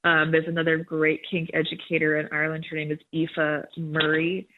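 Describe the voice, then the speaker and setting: A woman's voice: low-pitched, monotone, moderate pace, background noise. A woman in her thirties, a guest and educator, explaining things in a frank, upbeat way over the phone. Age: 30s. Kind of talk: phone interview. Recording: tinny phone line.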